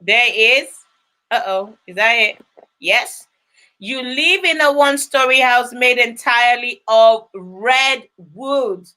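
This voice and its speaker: High, bright-voiced woman reading to kids. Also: slow. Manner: encouraging, coaxing answers from kids. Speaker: host of an online children's read-along. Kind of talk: live storytime chat with child viewers.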